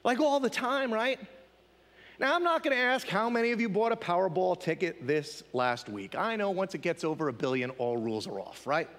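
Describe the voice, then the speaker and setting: A man's voice: high-pitched, lively intonation, normal speed, fairly bright tone, long reverb tail. A male pastor preaching a sermon in a conversational style, often asking the congregation questions.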